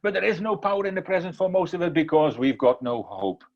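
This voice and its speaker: A man's voice: on the high side, sing-song, fast, muffled recording. A man giving an emphatic inspirational talk, repeating key words and sometimes restarting as he tells a story. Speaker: motivational speaker.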